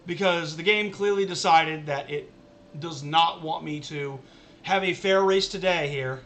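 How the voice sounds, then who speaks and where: High bright-voiced man ranting while streaming. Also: unhurried. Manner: exasperated ranting, repeats himself. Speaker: game streamer. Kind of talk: casual live-stream commentary.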